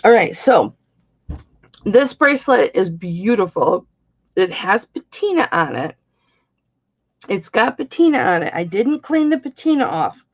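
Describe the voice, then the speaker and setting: A woman's voice: medium pitch, sing-song, unhurried, long pauses, muffled recording. A middle-aged woman hosting a live-stream jewelry auction, chatty and bawdy, greeting viewers by name.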